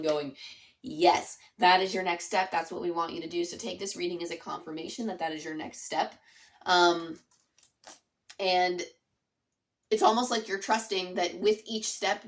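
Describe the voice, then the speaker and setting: A woman giving a casual spoken tarot reading to her viewers, earnest and chatty, leaning on "like" and "it's almost like". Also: medium pitch. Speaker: tarot reader.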